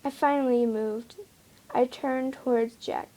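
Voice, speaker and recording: A young woman reads a fan story aloud at a slow, unhurried pace. Her voice sits a little high with a gravelly, creaky texture. She makes small slips now and then. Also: a little mellow.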